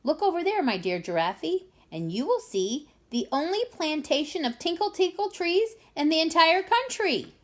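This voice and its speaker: A woman's voice: extremely high pitch, big pitch swings, normal speed, hardly any pauses, voice pushed up. A woman voicing a grand, know-it-all but kindly elderly duke in a storybook reading.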